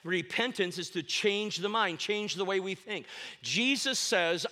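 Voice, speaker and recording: A man preaching a sermon to a church congregation as a guest speaker, telling lively stories and asking the congregation questions. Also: sits high. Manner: animated storytelling with sudden loud exclamations; asks the congregation questions and pauses for answers. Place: church sanctuary.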